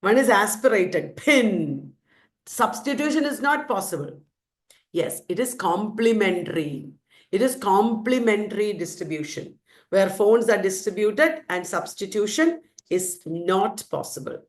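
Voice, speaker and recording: A woman's voice: mid-range voice, lively intonation, a little slow. A woman teacher with an Indian English accent, quizzing her students and repeating the answers emphatically. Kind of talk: lecture with questions to students.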